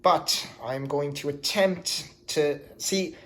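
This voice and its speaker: A man's voice: on the high side, slow pace, a bit bright. A young man talking casually to the camera in a vlog, hyper and jokey, rambling from one thing to the next. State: out of breath. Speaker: vlogger.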